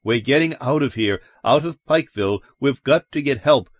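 A man's voice: medium pitch, expressive, moderate pace, dry recording, clean studio sound, close to an everyday voice. A man voicing a tense, urgent middle-aged husband and father in an audiobook, talking in an insistent, commanding way. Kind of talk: audiobook character voice.

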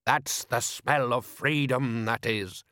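A man's voice: medium pitch, fairly even intonation, slow, bright, forceful tone, no echo, studio quality. A man voicing a blustering, scheming middle-aged fisherman father who talks in a bossy way.

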